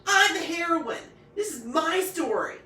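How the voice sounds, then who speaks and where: A woman doing shrill bossy Little Red Riding Hood. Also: big pitch swings, normal speed, a bit bright, far from the mic, a little hiss or hum. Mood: shrill, demanding. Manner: demanding, wailing, stomping tantrum. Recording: echoey room, voice off-mic.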